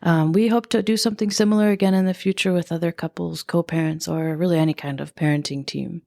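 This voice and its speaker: Podcast host lady, gravelly fry in her voice, dry close sound, earnest chatty. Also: on the low side, steady tone, fast, warm tone, dry recording. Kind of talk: casual podcast chat.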